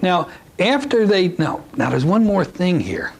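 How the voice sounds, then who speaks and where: A man teaches a class in a relaxed, folksy manner, his voice sitting a bit high. He talks conversationally, drifting into friendly asides to his listeners. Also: unhurried, creaky, poor audio. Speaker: hypnosis instructor.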